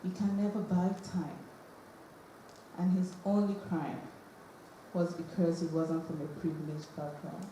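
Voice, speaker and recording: Slow, earnest speaker in an echoing hall. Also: medium pitch, steady tone, mellow. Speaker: monologue performer. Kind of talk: spoken monologue. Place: auditorium stage. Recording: echoey hall, faint hiss.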